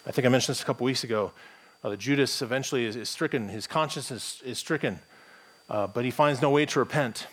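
A man's voice: medium pitch, fast, slightly rough. A man with a plain American accent, a pastor preaching a morning sermon in a conversational, thinking-aloud way with frequent restarts. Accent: General American.

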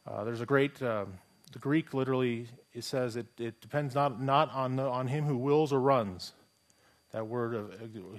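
A man preaching a sermon as a pastor. He speaks conversationally, poses rhetorical questions and often restarts his phrases. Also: medium pitch.

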